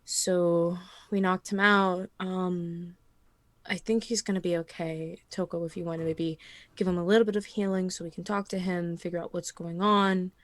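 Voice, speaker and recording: A woman's voice: on the low side, steady tone, moderate pace, no room sound, close to an everyday voice. A woman voicing a blunt, practical adventurer woman in a tabletop game, in a near-everyday voice.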